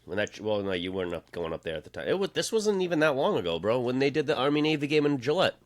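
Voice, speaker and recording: A man's voice: mid-range voice, very animated, quick pace. A man co-hosting a podcast, cracking jokes and teasing in casual chat. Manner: joking, teasing interjections. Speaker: podcast co-host.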